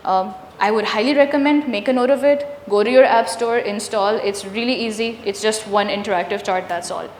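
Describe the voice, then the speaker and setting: A woman's voice: mid-range voice, brisk, hardly any pauses, slight background noise. A woman leading a live teacher workshop, patiently drilling sounds and quizzing the room. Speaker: workshop trainer. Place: large echoey hall. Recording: roomy hall reverb, faint ambience.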